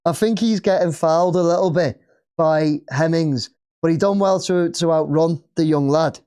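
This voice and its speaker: A man's voice: fairly high pitch, moderate pace, warm tone, clean tone. A man with an English accent hosting a live football watch-along, chatting casually and cheering at the play.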